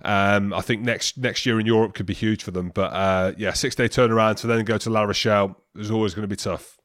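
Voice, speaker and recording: A man's voice: lowish voice, fairly even intonation, fairly quick, fairly bright tone, no room sound, studio quality. A man co-hosting a rugby podcast, chatty and teasing in casual banter. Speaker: podcast co-host.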